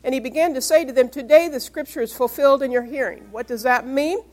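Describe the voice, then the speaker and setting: A woman's voice: high-pitched, fast, darkish tone. A woman pastor preaching a Bible-study sermon. She reads scripture aloud and asks her congregation questions to prompt their answers. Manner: emphatic, call-and-response questions.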